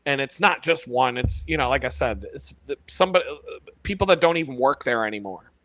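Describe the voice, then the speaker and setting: A man hosting a casual live stream, talking in an animated, profane way and laughing often. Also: mid-range voice, fairly quick, dry recording.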